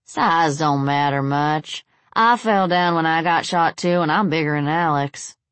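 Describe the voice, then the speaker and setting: A woman reading a smug southern army veteran with a slow, lazy drawl. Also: deep voice, clean tone, no echo.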